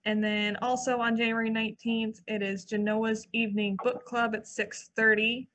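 Bright-voiced chatty woman. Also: fairly high pitch, flat delivery. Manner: chatty, reads listings then adds quick asides. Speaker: library staff co-host. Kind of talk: casual podcast chat reading event listings. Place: old brick library building.

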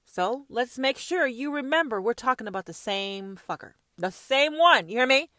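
Woman host, confrontational, preachy and profane; bright, forceful voice, close and dry. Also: a little high, expressive, normal speed, dry recording. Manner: swings from shouts to hushed whispers. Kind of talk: ranting monologue.

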